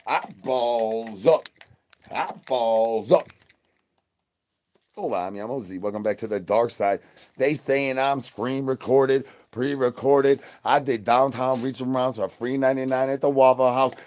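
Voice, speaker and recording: A man rambles through a live phone stream in a mid-pitched voice, reeling off crude slang and sing-song rhyming catchphrases. He jumps from loud shouts down to low mutters without warning. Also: moderate pace, slight background noise. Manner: swings between loud bursts and mutters. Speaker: livestream host.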